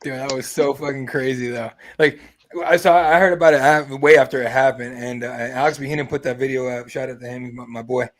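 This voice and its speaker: A man's voice: medium pitch, steady tone, a little fast. A man co-hosting a podcast, talking in laid-back, slangy casual chat. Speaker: podcast co-host.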